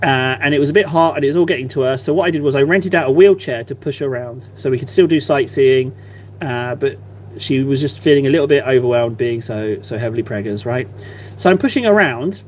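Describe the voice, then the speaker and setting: A man's voice: mid-range voice, expressive, a little fast, slight background noise. A man in his thirties chatting casually on a live stream while he paints, rambling and self-deprecating.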